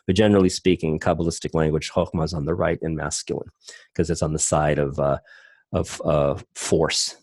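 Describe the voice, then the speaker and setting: A man's voice: very deep voice, fairly even intonation, fairly quick, darkish tone, breathy edge, no echo. A middle-aged man teaching an online class from home, in a loose, rambling way that often stops to correct himself. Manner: loose, rambling, self-interrupting. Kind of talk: casual online class lecture. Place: home, at a computer.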